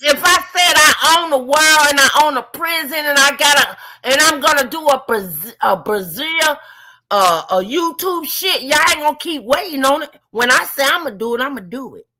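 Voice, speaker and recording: A woman's voice: high voice, expressive, normal speed, bright, forceful tone. A woman co-hosting a heated stream chat, slangy and emphatic, with slightly slurred speech.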